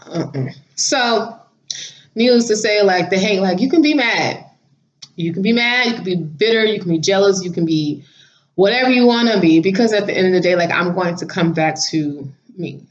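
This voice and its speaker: A woman vlogging casually, telling a story in a chatty, animated way and laughing now and then. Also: mid-range voice, moderate pace. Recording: slightly dull lo-fi audio.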